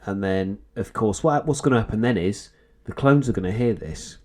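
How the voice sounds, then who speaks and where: A man co-hosting a podcast, chatting in an animated, agreeable way with stammering restarts. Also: fairly low pitch, moderate pace. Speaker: podcast co-host. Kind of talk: casual chat.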